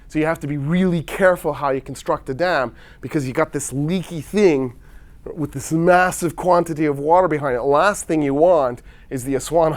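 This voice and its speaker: Man, slightly high voice, casual history storytelling, acts out quoted dialogue, wry asides. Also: darkish tone.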